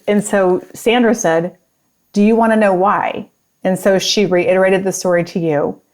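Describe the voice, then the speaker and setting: A woman's voice: fairly low pitch, darkish tone. A woman in her fifties, a guest on a conversational show, telling a story and acting out the quoted lines. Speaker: guest, business partner. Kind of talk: casual conversation.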